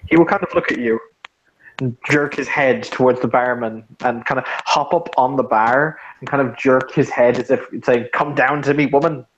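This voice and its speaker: A man's voice: mid-range voice, normal speed, slight background noise. Wry male game master, lo-fi mic. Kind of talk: narrating a tabletop game. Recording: dull lo-fi home mic.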